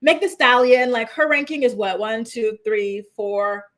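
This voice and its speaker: A young woman hosting a casual pop culture chat, reading viewer comments aloud and rambling through animated asides. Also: fairly high pitch, a little slow.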